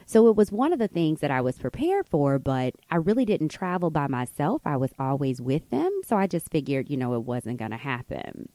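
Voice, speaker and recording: A woman podcast host from the United States telling a personal story in an animated, conversational way with many fillers. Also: low voice, a little fast, few pauses, dry recording.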